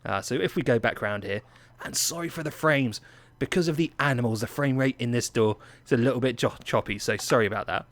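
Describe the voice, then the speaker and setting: A man's voice: medium pitch, a little fast, dry recording. Playful English man narrating gameplay. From England. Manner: chatty, playful, self-mocking. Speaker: gaming channel host. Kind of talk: gameplay commentary.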